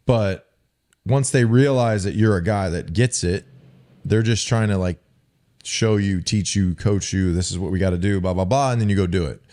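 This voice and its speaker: A former football player co-hosting a podcast casually tells profane, sarcastic stories about his old coaches. His voice is fairly low and dark in tone, at a moderate pace.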